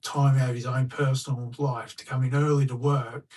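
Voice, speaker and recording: A man's voice: medium pitch, flat delivery, normal speed, a little mellow, husky, distant mic, low-quality recording. A middle-aged Australian man telling a personal story as a podcast guest, chatty and anecdotal, acting out what people said. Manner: chatty anecdotal, acts out quoted dialogue. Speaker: guest, school staff member. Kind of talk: casual storytelling in a podcast interview.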